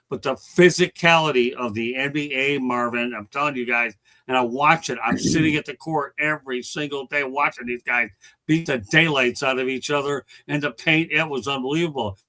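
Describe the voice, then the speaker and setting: A man hosting a sports talk show, pressing his opinion with insistent emphasis. His voice is bright and forceful, pitched at an ordinary middle height. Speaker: host.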